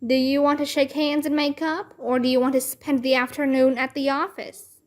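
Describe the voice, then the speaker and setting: A woman voicing a strict but patient male schoolteacher who corrects grammar slowly and firmly in a children's book read-aloud. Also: high-pitched, little pitch movement, natural voice. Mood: stern. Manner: slow, correcting, measured. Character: strict patient male first-grade teacher.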